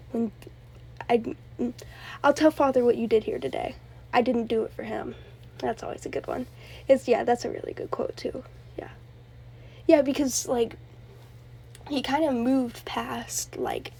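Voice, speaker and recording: A young woman talks through her favorite film moments in a loose, chatty way, laughing often and restarting her thoughts midway. Her voice sits fairly high and carries a husky edge with plenty of vocal fry. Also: a little mellow. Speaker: host. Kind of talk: casual fan commentary.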